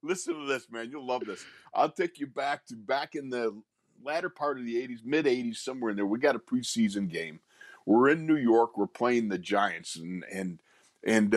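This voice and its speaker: An older man co-hosting sports radio, spinning a long anecdote with bursts of laughter and an animated, storytelling delivery. His voice is mid-pitched and captured dry and close on a studio mic. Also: no echo. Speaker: radio co-host, former player.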